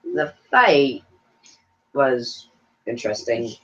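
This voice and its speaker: Young male co-host, mid-pitched, dry and brief, on a muffled recording. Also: very animated, drawn-out words, fairly bright tone. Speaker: co-host, son. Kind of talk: casual chat. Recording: dull lo-fi recording.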